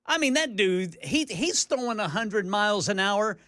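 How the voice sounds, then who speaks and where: A man co-hosting a talk radio show, eager and enthusiastic, quick to cheer the host on. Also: high voice, lively intonation, bright, forceful tone, no echo, clean studio sound. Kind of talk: casual studio banter.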